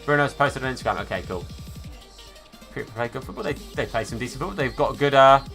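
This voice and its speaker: A man's voice: medium pitch, fast, a bit bright, soft background music. A man live-streaming a football game, chatting casually and answering viewers by name, calling them mate and fella.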